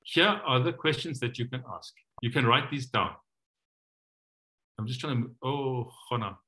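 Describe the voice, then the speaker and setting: A man's voice: mid-range voice, a little slow, pushed and bright. A man leading an online coaching training session over a video call, acting out sample questions and replies in different voices.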